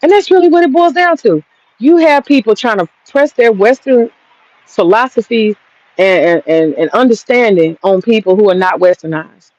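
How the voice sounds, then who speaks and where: A woman's voice: medium pitch, very animated, unhurried, long pauses, a little mellow, no room sound. A woman in her thirties, ranting casually and profanely, answering a critic head-on in a combative way. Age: 30s. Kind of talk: heated casual rant. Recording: dull lo-fi sound.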